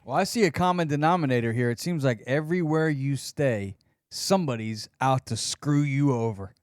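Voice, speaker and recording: A man's voice: medium pitch, moderate pace, smooth, no echo, studio quality. A man hosting a podcast, heckling his caller with crude teasing jokes. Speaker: podcast host. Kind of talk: casual chat.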